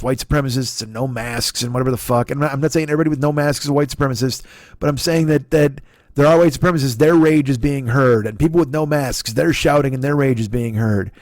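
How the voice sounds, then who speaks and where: A comedian and podcast host who rants angrily and sarcastically, swearing constantly. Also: male voice, medium pitch, fast, darkish tone, no echo, clean studio sound. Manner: angry, profane, sarcastic ranting. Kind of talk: profane comic rant.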